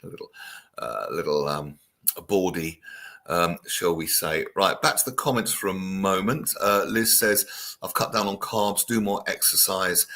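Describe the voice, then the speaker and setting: Man, chat show host, low-pitched, bright forceful tone, jokey, casual. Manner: jokey, chatty, reads listener comments aloud.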